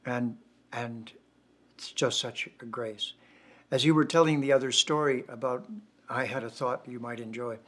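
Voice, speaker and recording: A man's voice: medium pitch, steady tone, moderate pace, fairly bright tone. An older man, a poet, giving reflective, devotional closing remarks at a poetry night.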